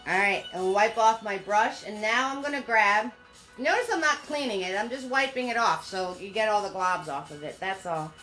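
A woman's voice: mid-range voice, moderate pace, bright, forceful tone, soft background music. An older woman giving a live painting lesson, upbeat, chatty and encouraging. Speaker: painting instructor.

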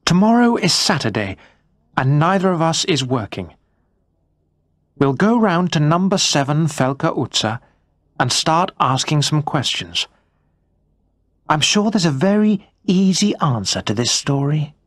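A man's voice: fairly high pitch, sing-song, unhurried, pauses often, no echo, clean studio sound, voice pushed up. A man doing a pleading young wife. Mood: earnest. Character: loving young wife, worried then relieved. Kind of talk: scripted story reading.

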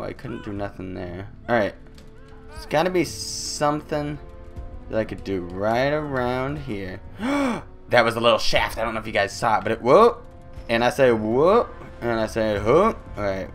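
A young man doing loud, joking let's-play commentary, his voice swinging high and low as he plays. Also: creaky. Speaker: gaming YouTuber.

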